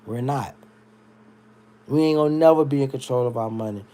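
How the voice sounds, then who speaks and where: A man's voice: mid-range voice, a little fast. A drunk American man ranting on a livestream, heated and swearing a lot. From United States. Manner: loud, heated, swearing, animated. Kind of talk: profane livestream rant.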